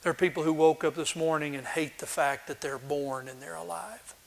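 A man who is a pastor, reading scripture aloud with slow drama and then teaching in plain words with small restarts. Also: a little high, fairly even intonation.

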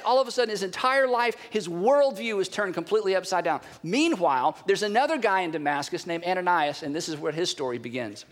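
A man with a high voice preaches to his congregation in a large church, his words trailing into a long hall reverb. He delivers the sermon in an animated way, pausing for effect and acting out the quotes. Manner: animated preaching with dramatic pauses and acted quotes. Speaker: pastor.

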